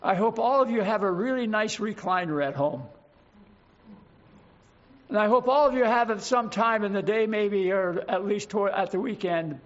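An older man preaching a sermon, slow and emphatic, lingering on single words. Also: sits high, highs cut off.

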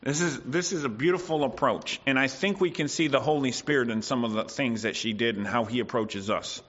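Preacher guy giving a sermon, sharp bright voice, keeps asking the crowd right?, kinda muffled lo-fi recording. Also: mid-range voice, brisk. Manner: asks the congregation for agreement, acts out quoted voices.

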